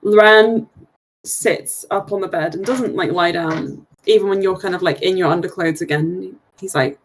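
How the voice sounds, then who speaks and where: A woman's voice: lowish voice, normal speed, low-quality recording. Laughing woman running a tabletop game. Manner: wry, contrary, laughing narration. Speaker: game master.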